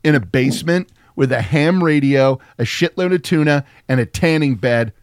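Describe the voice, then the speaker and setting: A man's voice: on the high side, normal speed, no echo, clean studio sound. A man hosting a podcast, chatting casually and joking, often laughing. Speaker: podcast host.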